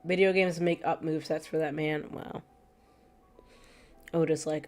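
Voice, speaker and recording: A woman streamer with a low, deep-set voice chats loosely with her viewers, laughing often as she rambles. She sounds slightly stuffy from allergies. Faint background music sits under her voice. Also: little pitch movement, unhurried, a little mellow. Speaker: gaming streamer. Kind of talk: casual chat with stream chat.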